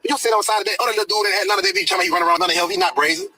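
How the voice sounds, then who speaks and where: A man ranting live on his stream in profane street slang, pushing his voice high for emphasis. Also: steady tone, very fast, sharp tone, no echo, low-quality recording. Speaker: live streamer reacting to a rap video.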